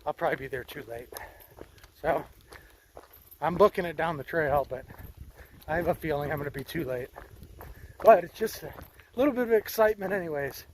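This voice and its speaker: A man hiking a long trail, talking casually and warmly to his camera outdoors, upbeat and easily moved. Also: a little high, a little hiss or hum. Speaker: long-distance hiker vlogger.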